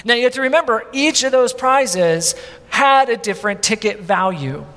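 High-voiced animated male preacher. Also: normal speed, long reverb tail. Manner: animated, conversational, acts out quotes. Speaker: pastor. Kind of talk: sermon storytelling.

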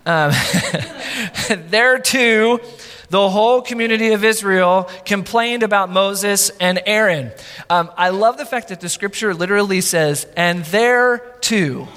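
High-voiced pastor in an echoing church. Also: male voice, measured pace, bright, forceful tone, clear, resonant tone. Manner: conversational, wry, emphatic rhetorical questions. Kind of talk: sermon. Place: church sanctuary.

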